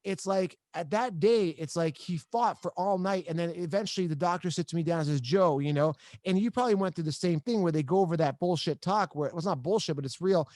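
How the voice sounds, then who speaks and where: A male podcast host telling a personal story in a halting, emphatic way, often repeating himself. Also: high voice, darkish tone, no echo. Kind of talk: emotional interview storytelling.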